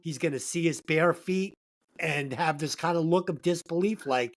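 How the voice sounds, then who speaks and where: A woman co-hosting a casual comedy movie-review podcast, telling stories in a profane, emphatic, animated way. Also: low voice, moderate pace. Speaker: podcast co-host.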